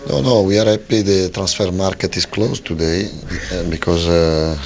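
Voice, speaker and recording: Manager, male, very low and gravelly, halting speech with many restarts, lo-fi radio. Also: darkish tone, faint music behind. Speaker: football manager. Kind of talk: post-match radio interview. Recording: lo-fi radio broadcast.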